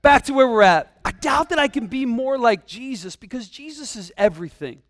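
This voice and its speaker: A man delivers a church sermon in a lively, talky style, often tossing rhetorical questions to the room. His voice sits fairly high for a man. The sound is dry and close, with little room echo. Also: moderate pace. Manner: animated, conversational preaching with rhetorical questions. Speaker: pastor. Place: church sanctuary.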